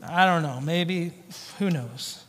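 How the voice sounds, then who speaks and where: A male pastor preaching a sermon with animated storytelling. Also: on the high side, slow pace. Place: church sanctuary. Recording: long church hall reverb.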